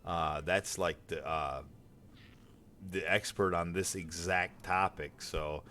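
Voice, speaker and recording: American man, lowish voice, casual gaming stream talk, stumbles and repeats words, swears a lot. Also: steady tone, takes it slowly, sharp tone. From United States.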